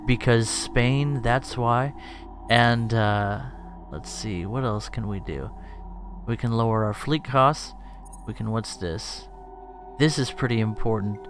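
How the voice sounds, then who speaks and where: A man's voice: medium pitch, fairly bright tone, a little hiss or hum. A man giving casual, joking, self-deprecating commentary as he plays a strategy game and thinks aloud. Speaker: let's play streamer. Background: game music.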